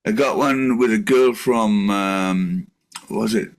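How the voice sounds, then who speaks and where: A man's voice: lowish voice, takes it slowly. An older man, chatting casually with friends and swearing freely. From Australia. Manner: swears freely, acts out phone calls in mocking voices. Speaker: regular of the group chat. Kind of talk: casual chat among friends.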